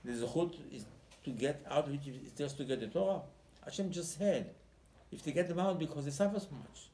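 His pitch is fairly high and his tone dark, and he speaks expressively and fairly quickly. The man is a rabbi giving a Torah sermon, acting out the story's dialogue and often repeating words as he looks for the right phrasing. Echo fills the room, with faint ambience in the background.

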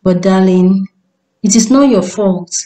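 A woman's voice: mid-range voice, measured pace, mellow, roomy sound, close to an everyday voice, low-quality recording. A woman voicing a devoted young husband who speaks soothingly and coaxingly.

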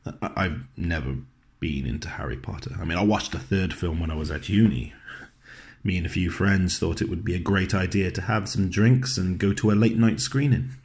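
Deep-voiced man telling a monologue. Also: normal speed, darkish tone. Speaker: actor performing a monologue. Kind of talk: scripted dramatic monologue.

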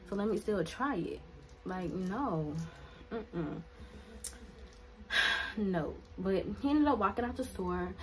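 A woman telling a personal story to her viewers in a casual vlog, animated and chatty, filling her talk with "like". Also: medium pitch, poor audio. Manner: animated, chatty, heavy use of "like", talks straight to viewers. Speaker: vlogger.

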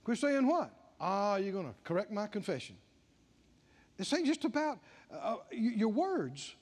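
A man's voice: high voice, sing-song, measured pace, husky. An older man preaching a sermon and acting out back-and-forth dialogue, building to emphatic declarations.

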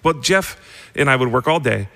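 Guy co-hosting a podcast, mid-pitch, chatty, jumps in with his own side of the story. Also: lively intonation, normal speed, vocal fry, bright, forceful tone, big-room sound. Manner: chatty, builds on the guest's stories. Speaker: podcast co-host. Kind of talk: casual interview chat.

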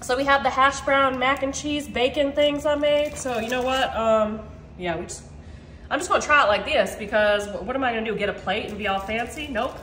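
A chatty woman with a high, bright voice talks her viewers through a recipe in her home kitchen, joking at her own expense. The room gives her voice a noticeable echo, with a light hum of ambience underneath. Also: a little fast. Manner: chatty, playful, self-mocking, keeps saying y'all. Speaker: cooking vlog host. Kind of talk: casual cooking chat to viewers.

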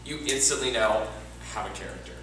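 Bright-voiced man coaching improv. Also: lowish voice, a little hiss or hum. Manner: emphatic, acts out quick examples. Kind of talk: workshop teaching. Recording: echoey room, far from mic.

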